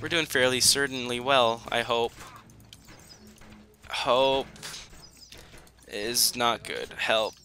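A man's voice: mid-range voice, fairly even intonation, slow, pauses often, bright, forceful tone, a little hiss or hum. A young man commentating his own strategy game, pleading and joking at the enemy in a dramatic, self-mocking way. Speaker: gaming YouTuber. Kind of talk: gameplay commentary.

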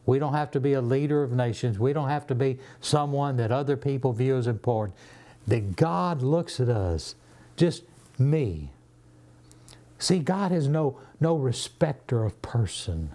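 A man with a Southern US accent, a pastor leading a Bible study in a church, animated and acting out the scripture he quotes. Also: a little slow. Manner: animated, acts out scripture quotes with rising pitch.

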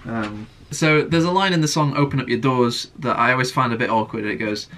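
In a casual vlog Q&A, a young man earnestly answers viewer questions about writing worship songs, singing example lines himself. His medium-pitched voice is brisk and heard over loud music.

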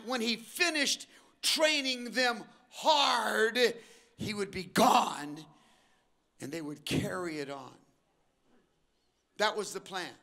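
A very high-pitched older pastor gives a sermon in a church auditorium, his delivery lurching between measured, emphatic statements and hurried asides with sudden jumps in loudness. Now and then he mimics the voices of the people in his stories.

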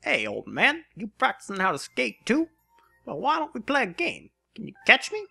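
A man's voice: extremely high pitch, wildly swooping pitch, normal speed, vocal fry, sharp tone, husky, no room sound, faint music behind, voice pushed up, full character voice. A man voicing a cocky young male penguin who teases and challenges the player to a race. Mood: teasing. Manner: taunting, mock-challenging.

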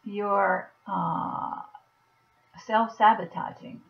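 A woman talking softly and gently to a viewer in a personal video message, reassuring, with halting pauses. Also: medium pitch, fairly even intonation. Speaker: vlogger. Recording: dull lo-fi recording.

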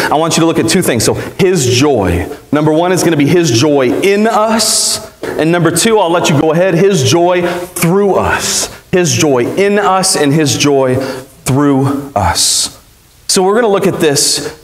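Young pastor preaching in an echoey church. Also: male voice, medium pitch. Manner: conversational, asks the congregation questions, jokes. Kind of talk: live sermon. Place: church sanctuary.

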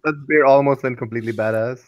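A man's voice: mid-range voice, quick pace, no room sound, highs cut off. A man playing in a tabletop game, with wry, laid-back banter. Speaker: player. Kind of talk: casual tabletop game chat.

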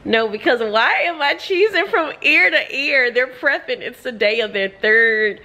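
A woman vlogging about her reading in a casual, animated way, blunt and profane, with frequent laughs. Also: high-pitched, unhurried. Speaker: book vlogger. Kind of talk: casual reading vlog chat.

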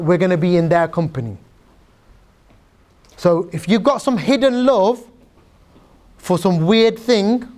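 A man preaching a sermon, retelling stories in a lively, informal way and speaking directly to his audience. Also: high voice. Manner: lively storyteller who acts out quotes in a softer voice.

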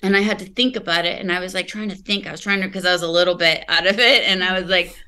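A woman's voice: lowish voice, steady tone, quick pace, bright, forceful tone, clean tone. A woman, a podcast guest, telling her personal story candidly and reflectively, often searching for words and restarting.

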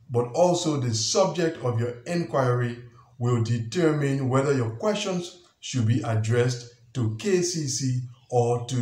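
A man hosting an explainer video, talking in a measured, methodical way and repeating key points. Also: medium pitch, darkish tone, reverberant. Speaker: channel host. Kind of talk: scripted explainer talk.

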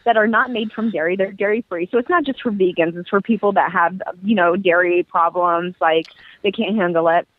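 A woman's voice: lowish voice, fairly even intonation, brisk, no echo. A woman guest chatting casually in an interview, talking in a loose, laughing way full of "like". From United States. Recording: tinny phone-like line.

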